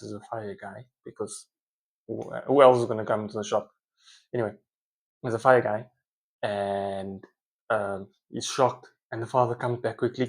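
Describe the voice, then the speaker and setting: Man, casual monologue, rambling, self-correcting, conversational. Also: medium pitch. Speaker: speaker, parent.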